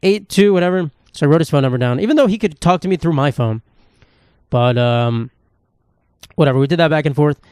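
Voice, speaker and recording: A man talks alone on his podcast with a smooth, slightly high voice, rambling and swearing as he mocks himself. He records on a phone in a dry space with no room echo. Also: a little fast, a little mellow. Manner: rambling, profane, self-mocking storytelling. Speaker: podcast host. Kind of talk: casual solo monologue.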